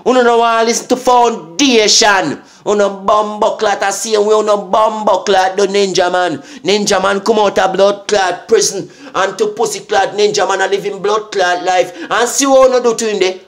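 A man's voice: high voice, steady tone, normal speed, few pauses. A man with a Jamaican accent in an angry, profane vlog rant, heated and repeating himself. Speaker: vlogger.

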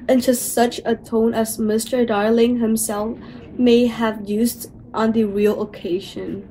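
A woman's voice: a little high, fairly even intonation, slow, dark tone, poor audio. A woman reading a storybook aloud carefully, with occasional small slips, over faint room noise. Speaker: audiobook reader. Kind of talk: read-aloud storybook narration.

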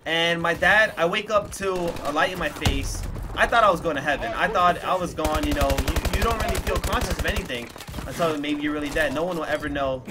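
Young male vlogger, slightly high voice, emotional storytime delivery, loose and profane, game gunfire audible underneath. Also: brisk, noisy background. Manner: casual, emotional retelling with swearing and repeated fillers. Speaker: gaming YouTuber.

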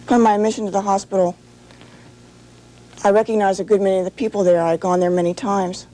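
Woman firefighter telling what happened to her, plain and measured, soft mellow voice. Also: mid-range voice, level tone, rough recording. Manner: plain, measured storytelling, slows on key moments. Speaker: firefighter recounting her accident. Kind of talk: personal testimony.

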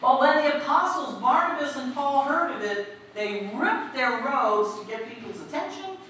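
A woman preacher giving a lively storytelling sermon, asking the congregation questions as she goes. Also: high voice, moderate pace. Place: church. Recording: echoey hall, distant mic, faint noise.

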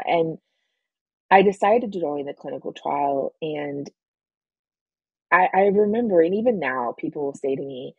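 A woman's voice: deep voice, animated, moderate pace, vocal fry, mellow, breathy edge, no echo, muffled recording. A woman in her forties telling her story as a cancer patient in an interview, earnest and emotional, with frequent restarts. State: emotional, near tears.

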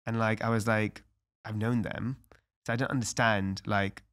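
A man's voice: on the low side, fairly even intonation, normal speed, a bit bright. A young adult man, a podcast guest talking earnestly and reflectively in casual conversation, with lots of "like" fillers.

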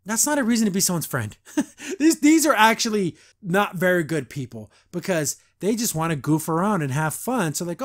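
A young man with a fairly high, light voice hosts a podcast review. He talks loosely and chattily, quoting characters in quick put-on voices and laughing between points. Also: very animated. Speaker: podcast host reviewing a cartoon. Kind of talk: casual reaction commentary.

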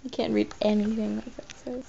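A woman's voice: mid-range voice, level tone, brisk, vocal fry, mellow, breathy edge. A woman chatting casually and teasing her friend, who is playing a game. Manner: teasing, laughing. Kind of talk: casual chat. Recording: muffled lo-fi recording.

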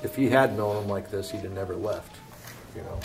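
A man's voice: fairly low pitch, fairly quick, darkish tone, a little hiss or hum, poor audio. A man teaching from the Bible in a casual way, reading passages aloud and then explaining them with fillers. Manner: reads scripture then comments casually, with fillers and laughs.

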